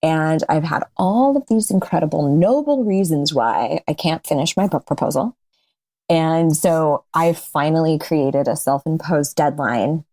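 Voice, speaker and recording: Candid low-voiced woman guest. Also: darkish tone. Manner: candid, laughs often, restarts mid-sentence. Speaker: podcast guest. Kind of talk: casual interview chat.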